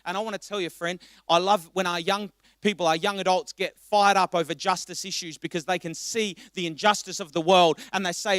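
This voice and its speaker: A male pastor preaching a passionate sermon, swinging between quiet reflection and loud exhortation. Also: high voice, fairly even intonation, a little fast, smooth, no echo, studio quality. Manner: impassioned, rising to loud exhortation.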